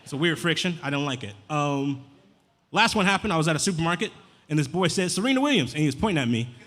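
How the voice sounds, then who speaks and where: A man doing a deadpan stand-up set with crowd work. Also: fairly high pitch, fast, a little hiss or hum. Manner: deadpan, chatty crowd work with casual slang. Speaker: stand-up comedian. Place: comedy club stage. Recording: live venue with long reverb.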